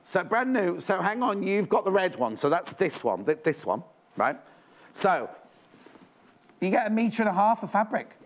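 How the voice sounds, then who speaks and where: A man with a high-sitting, sing-song voice talks at normal speed while selling live on a shopping channel in a TV studio. He's rambling and conversational, calling out the stock countdown and correcting himself as he goes.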